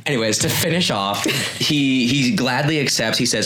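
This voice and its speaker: A man's voice: medium pitch, normal speed. Man rambling through an improvised story. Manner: rambling, animated, self-correcting.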